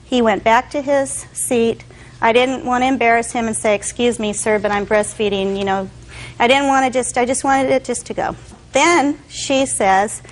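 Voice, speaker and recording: A woman's voice: high-pitched, expressive, moderate pace, a little hiss or hum, low-quality recording. A young woman testifying as a defendant in court, telling her story with animation and acting out other people's voices.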